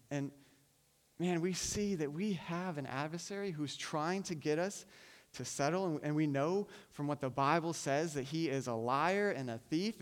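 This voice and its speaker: A man preaching a sermon in an earnest way, often repeating words as he starts phrases. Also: a little high. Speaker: pastor.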